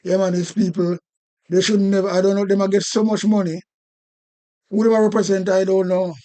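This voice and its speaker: A man's voice: high voice, little pitch movement, fairly quick, warm tone. A man with a Jamaican accent ranting indignantly on a live stream, repeating himself and swearing. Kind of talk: casual political rant.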